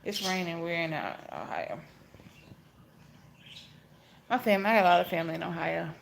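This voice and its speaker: A middle-aged woman, chatting casually on a phone livestream from home and greeting each viewer with a high "hey". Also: racing, creaky, a little hiss or hum. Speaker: vlogger hosting a phone livestream. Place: at home, indoors. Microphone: phone held at arm's length. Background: pet birds chirping.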